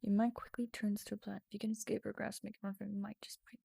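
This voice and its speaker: A woman's voice: medium pitch, flat delivery, racing, gravelly, warm tone, slightly rough, no room sound, studio quality. A woman streaming a text adventure game, reading the story aloud with casual swearing and sudden drops into whispers.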